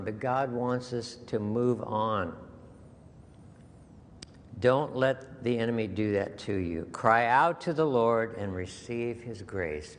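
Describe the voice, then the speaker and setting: A man preaching a sermon at an unhurried pace, earnest and conversational, circling back to key phrases. His voice carries a long hall reverb with a faint hiss underneath. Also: medium pitch. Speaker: pastor.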